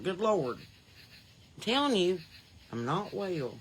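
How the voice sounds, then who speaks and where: A woman with a Southern American accent hosting a podcast, chatting folksy and loose from her porch into a phone, laughing often and swinging between loud and soft. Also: lowish voice, sing-song, takes it slowly, a little hiss or hum. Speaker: podcast host. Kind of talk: casual livestream chat. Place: outdoors on a porch. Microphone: phone on a holder.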